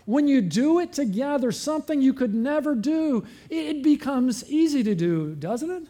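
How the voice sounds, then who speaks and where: A man preaching a sermon as pastor, asking the congregation frequent rhetorical questions and slowing and dropping his voice for emphasis. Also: very high voice, expressive. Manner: varies pace and loudness, slowing and dropping for emphasis.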